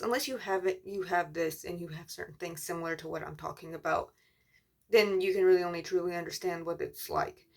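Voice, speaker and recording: A young woman vlogger telling a story in a casual, rambling rant, venting with fillers and restarts. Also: medium pitch.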